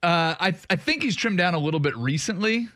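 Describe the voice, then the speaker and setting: A man's voice: brisk, dry recording, studio quality. A man co-hosting a weekend sports radio show, joking and bantering with his partner. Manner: animated, joking, booming greetings. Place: radio studio.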